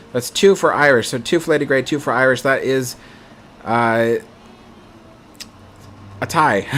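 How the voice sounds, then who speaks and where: Male livestream host, mid-pitched, loose chatty delivery, faint hum behind. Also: a bit bright. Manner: chatty, reads viewer comments aloud, many ums. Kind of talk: casual live chat.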